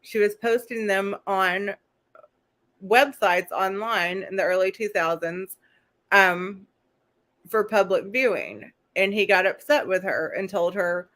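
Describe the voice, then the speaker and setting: A woman's voice: medium pitch, slow, fairly bright tone. Chatty woman recapping a documentary. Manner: chatty, reads letters aloud. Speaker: host. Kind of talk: casual live recap.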